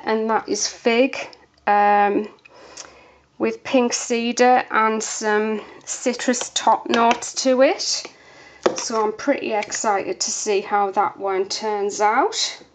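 Brief: woman, soap-making vlogger, higher voice, slow and chatty, slightly out of breath, faint hiss behind. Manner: chatty, unhurried, many fillers. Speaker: soap maker. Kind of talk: casual demonstration vlog.

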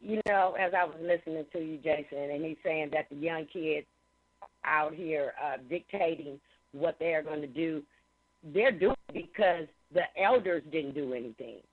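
A woman's voice: low voice, normal speed. A woman calling in to a talk show, agreeing with the host in a conversational way. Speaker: caller. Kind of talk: casual chat. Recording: tinny phone line.

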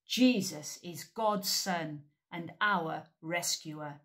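A woman tells a story to a group of preschoolers, her voice rising and falling in big, lively swoops. She speaks slowly and clearly, sing-song and animated, pausing to invite the little ones to join in. The tone is a plain middle pitch, unhurried throughout. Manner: animated, sing-song, with loud call-and-response cues. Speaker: preschool worship leader. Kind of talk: interactive storytelling for young children.

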